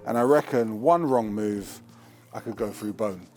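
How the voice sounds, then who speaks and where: A man's voice: lowish voice, measured pace. A man hosting a cooking show, talking in a slangy, chatty, joking way while he cooks in a kitchen. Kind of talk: casual cooking demonstration.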